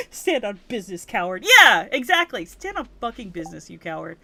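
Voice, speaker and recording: A woman's voice: medium pitch, gravelly, sharp tone, dry recording. A young woman from Hawaii chatting casually on a game livestream, cursing freely and getting worked up as she rants. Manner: profane, rants and gets worked up. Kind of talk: casual gaming stream chat.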